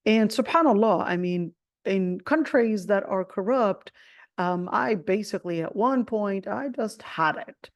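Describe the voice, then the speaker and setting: A woman with an American accent teaching a religious lesson in a conversational way, often saying "of course" and growing animated as she tells a personal story. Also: mid-range voice, a little slow, dry recording, studio quality. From Jordan. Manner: conversational, many "of course" fillers; animated when retelling the story. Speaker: Quran teacher.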